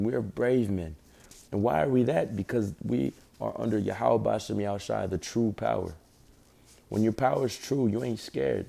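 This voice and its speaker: Gravelly-voiced young man preaching casually. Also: mid-range voice, mellow. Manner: profane street talk with storytelling. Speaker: online preacher. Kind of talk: casual religious teaching with personal story.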